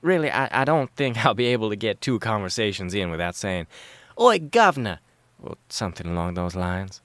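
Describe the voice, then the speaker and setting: A weary young man from a storybook, sardonic and guarded, with a low voice and a dry, hesitant delivery, played by the narrator. The recording is dry and close. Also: brisk, a bit bright, no echo, close to an everyday voice. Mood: wry.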